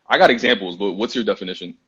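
A young man from Brooklyn, New York, is a guest in a casual chat, telling animated stories packed with slang and fillers. His fairly low-pitched voice races along and sounds slightly rough, and the Instagram live audio is muffled.

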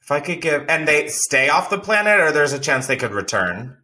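A man hosting a podcast in casual chat, laughing often and telling stories with swearing and animated energy. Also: fairly high pitch, brisk. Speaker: podcast host.

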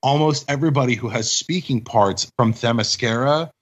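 A man's voice: medium pitch, normal speed, breathy edge. Man, podcast co-host, casual movie chat, eager, slightly muffled audio.

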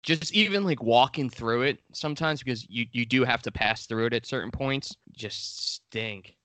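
A man's voice: medium pitch, moderate pace, fairly bright tone, no echo. A man from Long Island co-hosting a podcast, chatting eagerly and rambling with many restarts. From Long Island, New York. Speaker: podcast co-host. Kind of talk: casual podcast chat.

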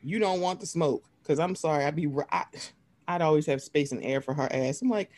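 A woman's voice: deep voice, brisk. A woman co-hosting a podcast in casual, profane chat about reality TV, acting out what she would say to the cast. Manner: animated, profane, acts out voices in quotes. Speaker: podcast co-host.

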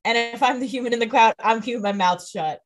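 A woman's voice: on the high side, fast. A young adult woman co-hosting a podcast, adding playful, jokey commentary. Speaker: podcast co-host. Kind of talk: casual chat.

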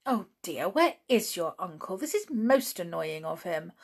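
A fussy, genteel motherly aunt from a children's adventure storybook, as a woman reads her aloud. She frets in a slow, gently gravelly voice. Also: lowish voice, big pitch swings, exaggerated voice.

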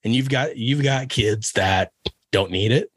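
A man's voice: medium pitch, measured pace, husky, no echo. A man from Kansas, a wrestling coach, talking earnestly in a casual interview, with many fillers and restarts. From Kansas, USA. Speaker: wrestling coach and podcast guest.

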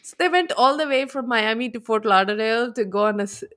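A woman's voice: fairly high pitch, quick pace, fairly bright tone. A woman co-hosting a podcast who grew up in India, chatting casually and laughing often. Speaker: podcast co-host. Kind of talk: casual chat.

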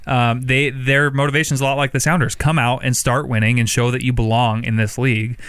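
A man co-hosting a casual sports podcast, easygoing and quick to laugh. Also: mid-range voice, level tone, fairly bright tone, clean tone, no echo, studio quality. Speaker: podcast co-host.

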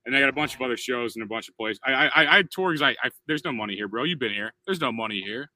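A man in his thirties, a comedian co-hosting a podcast, bantering quickly with lots of profanity and restarts. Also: medium pitch, animated, bright, forceful tone. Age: 30s. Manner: rapid, profane, joking banter with many restarts. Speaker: comedian co-host. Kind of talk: casual podcast chat.

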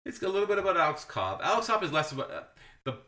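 A podcast co-host chats casually about baseball with dry humor and lots of self-corrections. His high voice is very animated, rapid-fire, pushed and bright, and the sound is reverberant.

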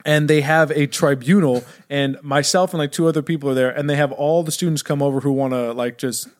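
A man telling a story on a podcast as a guest, animated, laughing often and swearing. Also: fairly high pitch, brisk. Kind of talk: casual storytelling.

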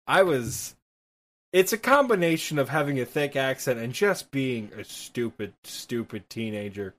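A man's voice: a little high, animated, noisy background. Midwestern man, twenties, casual self-deprecating podcast co-host. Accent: Midwestern Michigan. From Michigan, US. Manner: rambling, self-deprecating, quick laughs. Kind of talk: casual gaming podcast chat. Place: apartment.

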